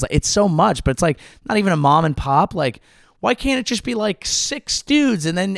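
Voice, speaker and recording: A man's voice: sits high, creaky, dry recording, studio quality. A man hosting his comedy podcast, delivering a sarcastic, rambling monologue full of restarts.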